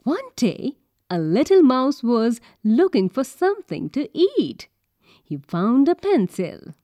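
Woman reading a kids' textbook, slow, lively sing-song pitch. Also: no room sound, studio quality. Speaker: textbook narrator. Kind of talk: scripted children's textbook narration.

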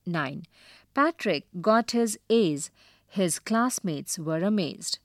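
Woman teacher, storybook reading, slow, lively intonation, word lessons. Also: lowish voice, no room sound, clean studio sound. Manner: slow, careful and expressive.

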